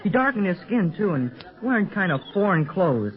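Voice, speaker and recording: Excitable teen boy hero, high lively voice, breathless 1930s radio serial, muffled recording. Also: moderate pace. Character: eager teenage boy detective, excitable.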